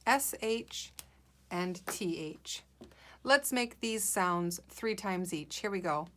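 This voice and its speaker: Slow, bright-voiced woman teacher. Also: mid-range voice, expressive, slight background noise. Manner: slow, clear, encouraging classroom delivery. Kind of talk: guided reading lesson for young children.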